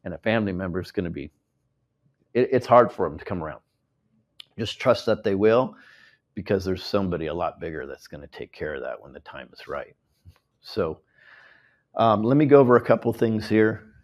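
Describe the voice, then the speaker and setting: An American man with a lowish voice talks to a live audience at an event. He is emotional and rambling, and he drifts off track as he acts out what other people might say. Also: animated, normal speed, pauses often. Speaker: host speaking to a live audience. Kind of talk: speech at a live tour event.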